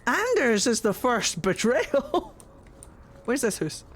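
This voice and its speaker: A woman streaming a video game, chatting excitably and swearing freely. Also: fairly high pitch, slow pace. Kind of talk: live gameplay commentary.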